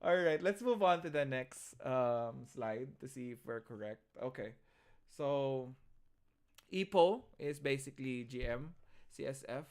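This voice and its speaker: A man's voice: mid-range voice, animated, measured pace. A man with a Filipino accent lecturing an online class, teasing his students and switching between English and Tagalog.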